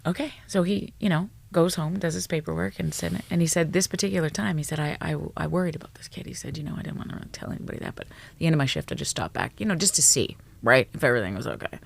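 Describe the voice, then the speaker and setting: Brief: woman psychologist guest, gravelly and husky, blunt, animated, swears freely. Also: sits low, quick pace, hardly any pauses. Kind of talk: storytelling in a podcast interview.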